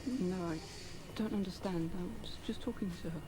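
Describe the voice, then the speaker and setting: A woman's voice: medium pitch, moderate pace, lightly acted. An actress playing a distraught mother who insists on seeing her daughter, heard as noisy, distant game audio. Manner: insistent, pleading.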